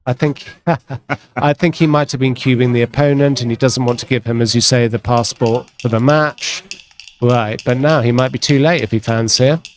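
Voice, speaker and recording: A man's voice: medium pitch, fairly even intonation, normal speed, slight background noise. Man giving wry backgammon commentary. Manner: chatty, wry, given to playful exclamations.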